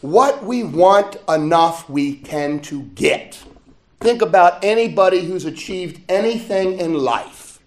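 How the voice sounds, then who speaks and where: A man from the States, preaching a sermon in a lively call-and-response manner and chuckling often. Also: high-pitched, slow pace. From Southern United States.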